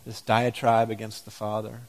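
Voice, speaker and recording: A man's voice: on the low side, completely flat delivery, moderate pace, a little mellow. A man preaching a sermon, reading scripture aloud and asking the congregation reflective questions.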